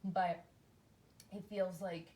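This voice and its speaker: A woman's voice: fairly low pitch, level tone, takes it slowly, warm tone, a little hiss or hum. A woman giving a casual tarot reading, thinking aloud in a chatty, rambling way, often adding "like" and "right?". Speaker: tarot reader.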